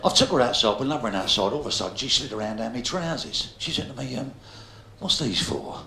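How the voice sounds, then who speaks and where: A man's voice: mid-range voice, animated, fast, slight background noise. A London man in his fifties with a Cockney accent, doing a crude live stand-up routine and ribbing the crowd. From London, England. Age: 50s. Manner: brash, crude punchline delivery, heckling the crowd. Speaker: stand-up comedian. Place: large theatre stage. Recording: echoey hall, loud audience laughter, 1990s live video. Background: audience laughter.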